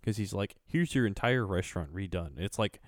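A man's voice: deep voice, expressive, dry recording, clean studio sound. A man in casual chat, adding wry comments and mocking quotes. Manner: wry, quick agreement, mock quotes.

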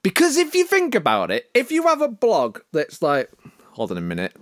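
A man gives tips on making podcasts as a comic monologue, playing each point mock-serious and theatrical. His voice sits fairly high and leaps all over the place. The sound is dry and close. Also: huge pitch swings, moderate pace, no echo. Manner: jokey, mock-serious and theatrical, with sudden swoops in pitch. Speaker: podcast producer giving tips.

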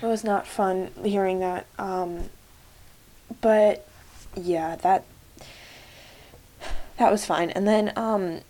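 A woman's voice: medium pitch, fairly even intonation, slow, pauses often, warm tone. A young woman talks casually on her solo podcast. She gushes and rambles, filling her sentences with "like" and "um" as she goes. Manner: gushing, many fillers like "like" and "um". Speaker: podcast host.

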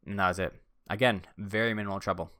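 A man's voice: lowish voice, steady tone, fast, bright, forceful tone, no room sound, clean studio sound. Laid-back rambling man telling stories. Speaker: vlogger. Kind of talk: casual storytelling.

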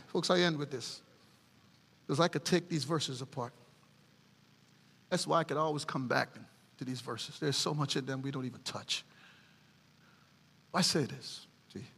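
A middle-aged woman preaching a sermon in a bright, gravelly voice with a husky edge. Her pitch swings widely as she moves between fervent preaching and homely family stories. The sound carries a long church-hall reverb. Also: unhurried, pauses often. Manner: animated preaching with folksy family storytelling.

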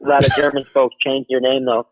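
A man's voice: mid-range voice, flat delivery, brisk, no room sound. A man calling in to a talk show, rambling and repeating himself. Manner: rambling, repeats words, drawling. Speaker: caller. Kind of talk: casual call-in banter. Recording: tinny phone line.

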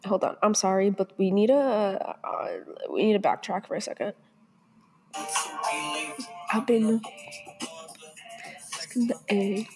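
A woman's voice: medium pitch, steady tone, takes it slowly, long pauses, music in the background. A young woman co-hosting a podcast in casual chat, enthusiastic and chatty about the artists she loves. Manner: enthusiastic, chatty fan talk. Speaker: podcast co-host.

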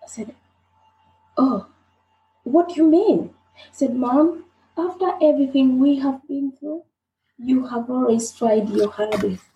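A woman shares her own story as an interview guest, her voice sitting a little high and mellow. She stumbles and repeats herself, voicing the people in her story. The room around her rings with echo. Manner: halting, repeats herself, acts out dialogue. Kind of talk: emotional personal storytelling. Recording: roomy echoey sound.

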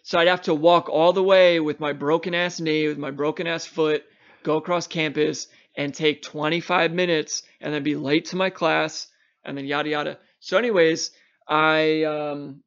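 Profane Long Island storyteller, lo-fi. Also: male voice, fairly high pitch, moderate pace, smooth. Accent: Long Island New York. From Long Island, New York. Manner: animated, profane, acts out both sides of a story. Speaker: podcast co-host. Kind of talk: casual storytelling chat. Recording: muffled lo-fi recording.

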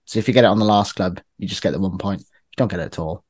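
A deep-voiced man with a darkish tone runs a casual football quiz among friends, speaking rapid-fire. As quiz host he teases and reads out lists of clubs one by one, with no room sound on the recording.

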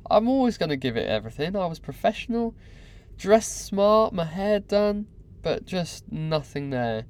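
A man's voice: sits high, moderate pace. Man telling a candid story. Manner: candid, animated, repeats words for effect. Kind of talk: personal storytelling to camera.

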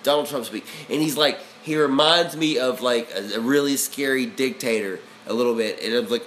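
A man co-hosting a casual podcast chat, talking in a profane, excitable way and breaking into loud shouted bits. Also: mid-range voice, normal speed, few pauses. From Alabama. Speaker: podcast co-host. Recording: echoey room with faint ambient noise.

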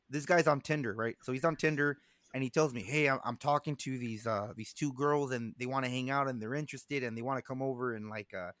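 A young man casually telling a long story, animated and swearing, acting out what others said. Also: mid-range voice, dry recording.

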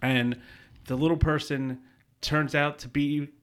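A man's voice: a little high, steady tone, measured pace. A man telling a rambling, profane story in casual podcast chat, laughing often. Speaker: podcast co-host.

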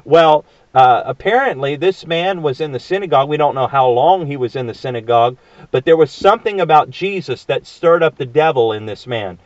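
A man's voice: on the high side, lively intonation, fairly quick, no echo, dull audio. A man preaching a sermon, earnest and emphatic, with frequent fillers and rhetorical questions.

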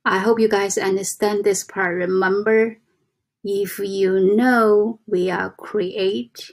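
A woman giving a casual motivational talk to her viewers, soft and halting, with frequent restarts and slow deliberate reading aloud. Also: mid-range voice, steady tone. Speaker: self-help vlogger.

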